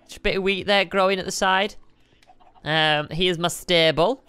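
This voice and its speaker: A man hosting a casual building-game video, playful and excitable, joking about himself. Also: sits high, normal speed, clear, resonant tone, no echo. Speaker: YouTube host. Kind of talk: casual let's-play chat.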